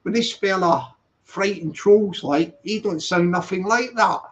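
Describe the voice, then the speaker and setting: A channel host speaks in a high-pitched voice at a measured pace during a casual live-stream chat. He rambles, corrects himself, and stops to read the chat aloud. The audio has a dull, lo-fi quality.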